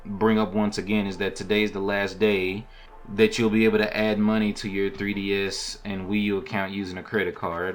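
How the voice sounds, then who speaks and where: A man's voice: fairly low pitch, fairly bright tone. A man hosting a gaming podcast, talking in a laid-back, rambling, slangy way as he signs off. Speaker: podcast host. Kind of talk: casual podcast sign-off.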